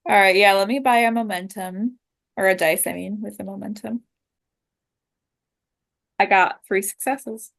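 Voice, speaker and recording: A woman's voice: medium pitch, steady tone, unhurried, gravelly, long pauses, fairly bright tone. A woman playing a tabletop game who argues in character in an earnest, persuasive way and presses with questions. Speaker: player. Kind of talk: tabletop role-play.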